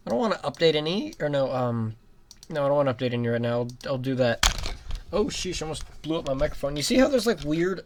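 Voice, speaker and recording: A young adult giving rambling let's-play commentary, breaking into giggles and sudden loud outbursts at the game. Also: mid-range voice, sing-song, quick pace, background noise. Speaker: gaming commentator.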